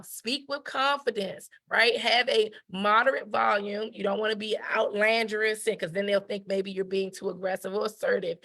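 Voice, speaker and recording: A woman's voice: fairly high pitch, creaky, a bit bright. A woman giving a conversational etiquette lesson. She repeats her key points, checks in with "right?", and briefly acts out the people she quotes. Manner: emphatic, repeats key phrases, asks "right?". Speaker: etiquette educator. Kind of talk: conversational teaching talk.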